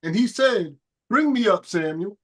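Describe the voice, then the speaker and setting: A man reading archaic scripture aloud in a steady, plain manner during a Bible study. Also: high voice, a little slow, slightly rough. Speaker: scripture reader.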